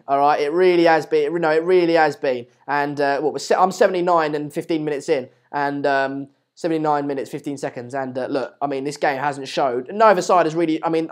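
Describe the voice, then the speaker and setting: Male stream host, rambling and repetitive, slightly high voice. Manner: rambling, repeats words and phrases. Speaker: host of a live football watchalong stream. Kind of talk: casual live chat reading viewer comments.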